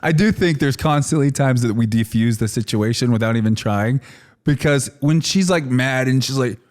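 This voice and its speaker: His voice is mid-range and darkish, delivered at a normal speed. The man, in his thirties and guesting on a podcast, tells loose, rambling stories peppered with fillers and laughs.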